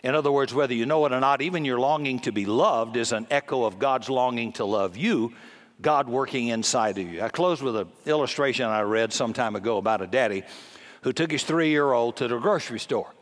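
A man preaching a sermon, emphatic and folksy, with loud peaks on key points and casual asides. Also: mid-range voice, brisk. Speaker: pastor.

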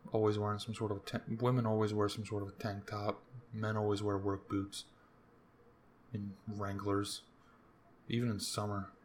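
A young man from the US East Coast hosting a podcast alone, rambling through profane, jokey rants with sudden jumps in pitch. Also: slight background noise. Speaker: podcast host. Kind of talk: casual solo rambling monologue.

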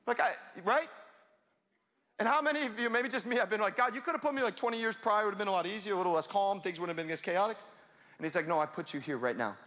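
A young man preaching a sermon in a lively, conversational way, now and then rising to a shout. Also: high-pitched, fast. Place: church sanctuary. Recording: long hall reverb.

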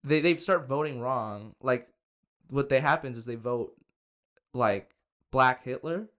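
A young man hosting a loose comedy podcast, stumbling over his words and circling back to his point. His voice sits at an ordinary middle pitch. He talks casually, trailing off into asides. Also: fairly bright tone. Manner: rambling, halting restarts, trailing "you know what I'm saying". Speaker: podcast host.

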